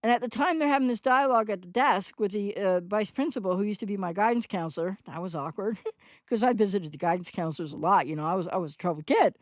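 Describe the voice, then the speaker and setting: A woman's voice: mid-range voice, quick pace, no echo, clean studio sound. A woman in her sixties hosting a recovery channel, giving a rambling, candid, unscripted monologue in reply to a commenter, often correcting herself as she goes.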